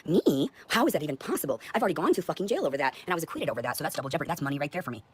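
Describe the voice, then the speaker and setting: Fast-talking agitated woman livestreamer. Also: sits low, sing-song, breathy edge. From United States. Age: 30s. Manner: agitated, profane and accusatory. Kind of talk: confrontational livestream rant.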